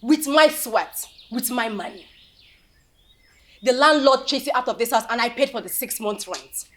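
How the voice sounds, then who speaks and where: A woman's voice: on the high side, moderate pace, a bit bright, close to an everyday voice. An actress with a Nigerian accent playing a fed-up woman coldly throwing her partner out of the house. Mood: scolding. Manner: cold, scolding, repeating orders. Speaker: girlfriend Nancy evicting her partner. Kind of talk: Nollywood film acting. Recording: echoey room, far from the mic.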